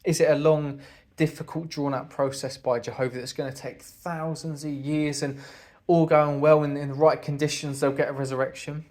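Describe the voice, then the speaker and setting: A man delivers a sermon talk to his congregation in an earnest, conversational way. His voice sits a little high for a man. He keeps putting rhetorical questions to the listeners. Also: flat delivery, moderate pace, darkish tone. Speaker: congregation speaker.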